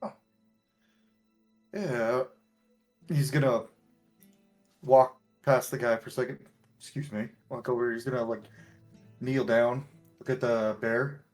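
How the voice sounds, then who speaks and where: A man's voice: mid-range voice, fairly even intonation, slow, pauses often, a little mellow, faint music behind. A man playing a tabletop game who casually describes his character's actions. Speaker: player.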